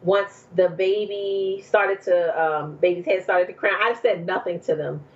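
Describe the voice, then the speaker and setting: A woman's voice: on the low side, steady tone, unhurried, highs cut off. A woman from New Jersey telling her story as a podcast guest in casual chat, laughing often and using many fillers.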